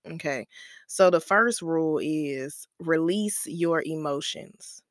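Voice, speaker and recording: A woman's voice: low-pitched, slow, dry recording, clean studio sound. A woman hosting a casual motivational podcast, chatty and emphatic, with slangy asides, calling listeners "baby" and laughing at herself. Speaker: podcast host.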